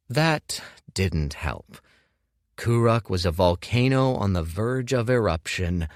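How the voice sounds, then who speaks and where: A man reading an audiobook in measured scripted narration. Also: lowish voice, animated, no room sound, clean studio sound.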